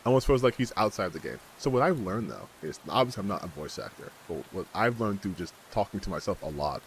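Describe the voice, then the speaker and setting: Male game streamer, low voice, chatty, playful fake-British tries. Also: sing-song, quick pace, slight background noise. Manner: chatty, joking, playing with a mock British enunciation. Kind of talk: gaming livestream commentary.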